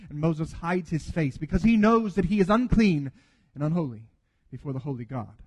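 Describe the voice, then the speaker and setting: High-voiced preaching man with a reverberant sound. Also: lively intonation, normal speed. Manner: earnest preaching, acting out quoted dialogue. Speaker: pastor. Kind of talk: sermon.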